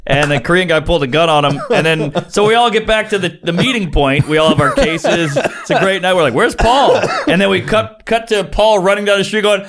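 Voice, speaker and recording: Animated middle-aged man telling wild stories. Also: high voice, a little fast, hardly any pauses, background noise. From New Orleans, USA. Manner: animated storyteller, acts out shouts and quotes. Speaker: podcast co-host and comedian. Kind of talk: casual podcast chat.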